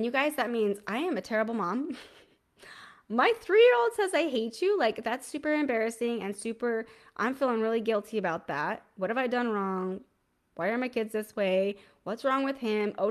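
A woman in her thirties, a parenting host with a lingering cough, chatting informally and correcting herself as she goes. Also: a little high. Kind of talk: casual solo talk to camera, live.

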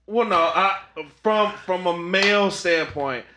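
A man's voice: sits high, slow, heavy background noise. A man hosting a casual conversation, asking questions and giving thoughtful views with some hesitant restarts.

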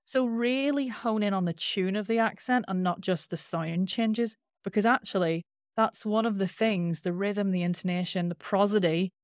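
A woman with a Northern Irish accent and a nasal twang, a voice coach explaining things in an interview with lively demonstrations. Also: medium pitch, moderate pace, dry recording, clean studio sound. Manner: animated, demonstrates with sung-out sounds.

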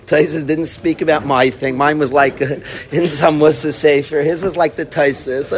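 A man with a slightly higher voice leads an informal Torah class. He tells stories with animation and keeps dropping yeshiva terms into his talk. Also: moderate pace. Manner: animated storytelling, breaks into laughter and acts out his study partner; sprinkles Yiddish and Hebrew yeshiva terms. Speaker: Talmud teacher.

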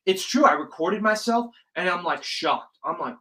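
A young man hosting a casual solo podcast, talking in an animated, ranting way and swearing freely. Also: high voice, moderate pace, rough recording. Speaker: podcast host.

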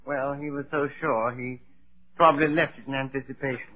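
Actor as a husky, wry henpecked husband on a tinny old radio broadcast. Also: male voice, medium pitch, fairly even intonation, a little fast, lightly acted. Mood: feigning death. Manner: dry wry quips, mock-dying groans. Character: harried henpecked husband, dry and put-upon. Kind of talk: 1940s radio comedy acting.

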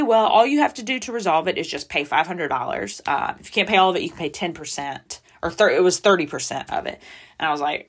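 A woman's voice: on the low side, animated, fast talker, breathy edge. A woman talks openly on her podcast, candid and emotional. She sounds close to tears as she goes, in an unscripted confessional way. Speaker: podcast host. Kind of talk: personal confessional podcast talk.

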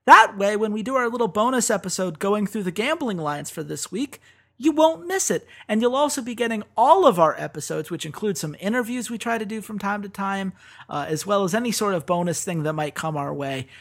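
A man's voice: high-pitched, animated, brisk, bright, forceful tone. A man hosting a podcast, chatting upbeat and laughing easily, reading sponsor plugs. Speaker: podcast host. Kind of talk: podcast chat and sponsor read.

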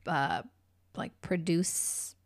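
A woman's voice: fairly low pitch, steady tone, very slow. A woman in her twenties co-hosting a podcast, chatting playfully and expressively with frequent giggles. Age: 20s. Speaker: podcast co-host. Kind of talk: casual chat.

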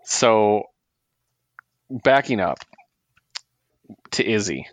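Low-voiced enthusiastic podcast man. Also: big pitch swings, extremely slow, no echo. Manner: enthusiastic, rambling recaps. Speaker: podcast co-host. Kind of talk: casual comic book chat.

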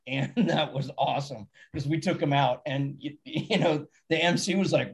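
A man's voice: on the high side, expressive, moderate pace, few pauses. A man telling backstage touring stories in a casual chat, often laughing and acting out quotes. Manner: laughing anecdotes, acts out quotes. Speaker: touring stagehand.

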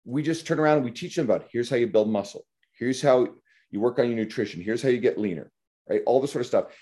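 A man's voice: medium pitch, fast talker, dark tone. A man hosting a podcast, talking bluntly and animatedly about coaching, swearing freely. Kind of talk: casual podcast conversation.

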